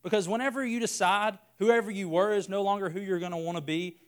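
Male preacher, earnest sermon delivery with repetition, smooth resonant tone. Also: sits high, steady tone, fast. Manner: earnest, builds by repeating phrases.

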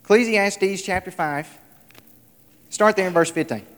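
Man, high voice, preaching in a hall with long reverb, emphatic, repeats lines. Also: measured pace. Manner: emphatic, repeats lines, swings between loud and soft. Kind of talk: sermon. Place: large hall, tonight service.

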